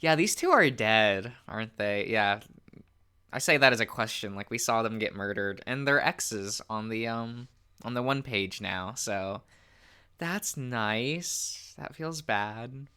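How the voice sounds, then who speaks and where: A man's voice: lowish voice, lively intonation, slow pace, bright, forceful tone, clear, resonant tone. A man hosting a let's-play, chatting offhand between remarks and reading the game's text aloud. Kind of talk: casual gameplay commentary, reading game text aloud.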